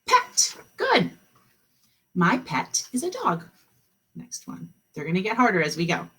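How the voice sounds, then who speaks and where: Woman kindergarten teacher, encouraging, lively pitch, sounds words out slowly. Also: slightly rough. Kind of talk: online class lesson.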